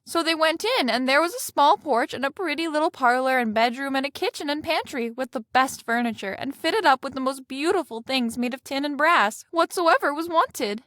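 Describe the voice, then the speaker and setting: A woman with a high, light voice reads a fairy tale aloud in a gentle storybook manner. The sound is close and dry, with no room around it. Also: normal speed, hardly any pauses, no room sound.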